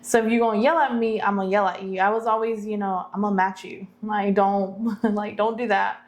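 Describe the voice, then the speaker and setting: A woman's voice: medium pitch, fairly even intonation, brisk. A young woman co-hosting a podcast, chatting candidly with lots of filler words. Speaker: podcast co-host. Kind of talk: casual chat.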